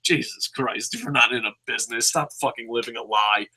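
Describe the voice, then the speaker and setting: Bright-voiced profane storytelling man. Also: medium pitch, a little fast, slightly rough. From New Jersey. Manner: profane, laughs often while talking. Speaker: podcast host. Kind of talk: casual storytelling.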